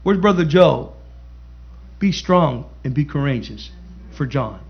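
A man's voice: fairly high pitch, animated, slow pace, gravelly, lo-fi sound. A man preaching a sermon as pastor, emphatic, repeating key phrases and calling out to the congregation.

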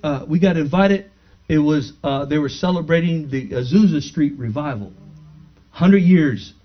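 A man preaching, telling a personal story to his congregation and acting out the dialogue, then building to fervent praise. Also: on the high side. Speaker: pastor. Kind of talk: sermon testimony. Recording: dull lo-fi recording.

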